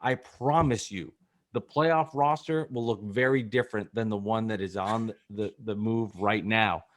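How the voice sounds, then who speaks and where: A man's voice: on the low side, a little slow. Earnest, stammering male podcast co-host. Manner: earnest, stammers and repeats words. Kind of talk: casual sports chat.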